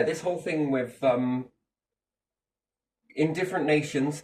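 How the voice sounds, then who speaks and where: Guy ranting casually, mid pitch, restarts a lot, bit far from the mic. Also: a little mellow. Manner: rambling, opinionated, swears, restarts. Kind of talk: casual chat.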